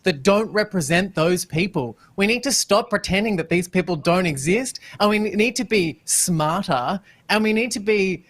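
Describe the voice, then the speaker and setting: A man's voice: high-pitched, expressive. A man on a talk show panel, wry and opinionated in casual chat. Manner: wry, teasing, then measured and opinionated.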